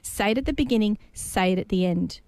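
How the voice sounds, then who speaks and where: A woman's voice: mid-range voice, a little fast, darkish tone, clean tone, dry recording. A woman hosting a podcast, chatty and enthusiastic. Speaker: podcast host. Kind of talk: podcast interview.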